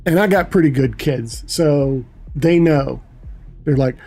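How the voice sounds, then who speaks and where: A man's voice: a little high, a little slow, vocal fry, dark tone, faint music behind. A middle-aged man chatting casually on a livestream, telling rambling, profane stories. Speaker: livestream host. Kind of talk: casual chat.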